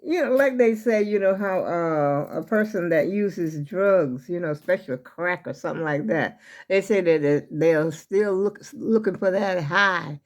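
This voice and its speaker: Speaking at a measured pace in a fairly low voice, an older woman talks to her audience from her home kitchen. It's loose, rambling vlog chat, and she comes across as slightly short of breath.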